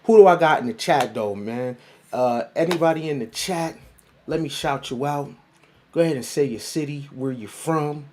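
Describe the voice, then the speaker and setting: A man hosting a casual livestream, shouting out viewers by city in loose, playful slang and repeating words for emphasis. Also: fairly high pitch, moderate pace, a little hiss or hum. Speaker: livestream host and life coach.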